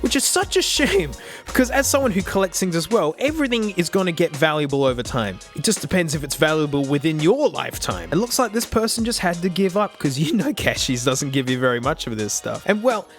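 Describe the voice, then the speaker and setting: Australian man, high voice, excitable slangy vlog chat, faint music behind. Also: brisk. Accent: South Australian. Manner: excitable, slangy, chuckles often. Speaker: tech channel host. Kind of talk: casual vlog talk to camera.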